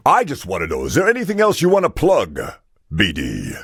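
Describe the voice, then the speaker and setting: A man co-hosting a podcast interview, telling a long joke as an animated storyteller. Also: mid-range voice, a little fast, slightly rough. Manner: animated storyteller, laughs between lines. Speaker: podcast co-host.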